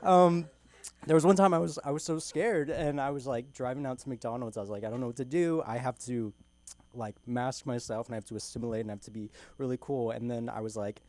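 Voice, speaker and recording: A man's voice: mid-range voice, brisk, darkish tone, no room sound. A young man from California doing a stand-up set at an open mic in a small comedy club, rambling loosely and giggling through his own jokes.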